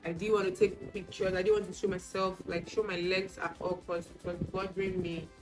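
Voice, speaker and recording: A woman's voice: fairly low pitch, little pitch movement, fairly quick, poor audio. A woman talking casually while getting ready on camera, telling candid personal stories and acting out what people said to her. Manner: chatty, candid storytelling; acts out quoted exchanges. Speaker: beauty vlogger. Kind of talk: casual get-ready-with-me chat. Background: music playing.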